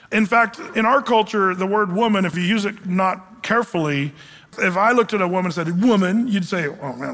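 High-voiced preacher in a reverberant hall. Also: male voice. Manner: conversational, animated preaching with humor. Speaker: pastor. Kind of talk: sermon.

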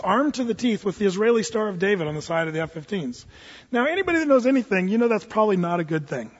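A middle-aged man telling a rambling personal story, full of fillers and restarts, acting out what people said. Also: high voice. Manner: rambling, lots of fillers and restarts, acts out quotes. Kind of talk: anecdotal storytelling. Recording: dull, reverberant hall.

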